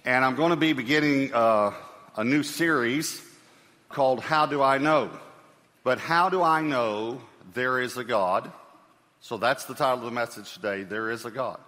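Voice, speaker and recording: Male pastor, mid pitch, bright voice, conversational sermon delivery with repeated phrases, hall reverb. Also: normal speed.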